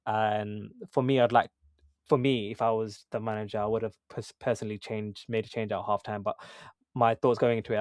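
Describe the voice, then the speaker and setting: Low flat-voiced man chatting football. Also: dry recording, clean studio sound. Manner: conversational, many fillers and restarts. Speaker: podcast co-host. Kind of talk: casual football chat.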